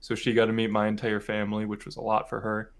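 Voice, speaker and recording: A man's voice: on the low side, completely flat delivery, fast, vocal fry. A young man from Michigan, co-hosting a podcast, telling a family story in a rambling, casual way full of "like" and "um". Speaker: podcast co-host.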